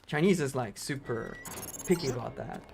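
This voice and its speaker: Here the speedrunner, a man with a German accent, wanders through chatty talk with his stream audience while game music runs underneath, using "like" a lot. His mid-range voice is creaky and a little mellow, with lively intonation at a moderate pace.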